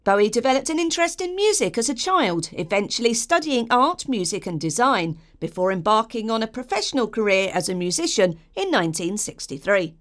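A woman's voice: fairly high pitch, big pitch swings, a little fast, hardly any pauses. A woman narrating a scripted biography, informative with wry personal asides. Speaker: documentary narrator.

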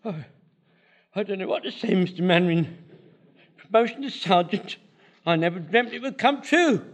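Casting: an actor doing a very high-voiced old butcher, overeager, fussy, stammering, for a sitcom. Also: male voice, moderate pace, lightly acted. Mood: overjoyed. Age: older. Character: excitable elderly male butcher soldier, eager and loyal. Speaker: elderly butcher and lance corporal. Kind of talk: broadcast sitcom acting.

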